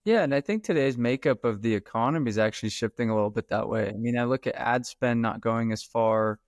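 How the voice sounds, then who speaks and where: A man being interviewed on a podcast about his sales book, talking in an emphatic, animated, casual way. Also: mid-range voice, quick pace, dry recording, studio quality. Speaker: author and sales trainer, guest.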